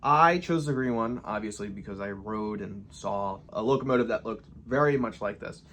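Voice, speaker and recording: A man's voice: lowish voice, moderate pace, fairly bright tone, slight background noise. Chatty upbeat young man hosting. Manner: chatty and upbeat, jokes about his own accent. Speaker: model train channel host. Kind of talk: casual hobby vlog narration.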